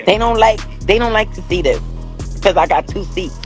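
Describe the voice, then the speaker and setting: Upset, teary woman, casual phone vlog, rambling and confrontational, mid-pitched, over loud music. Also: lively intonation, moderate pace. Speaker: passenger filming herself.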